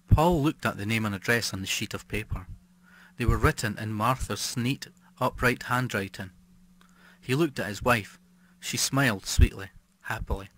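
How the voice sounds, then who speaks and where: A man narrating a short horror story for an audiobook, in a measured, even reading. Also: on the low side.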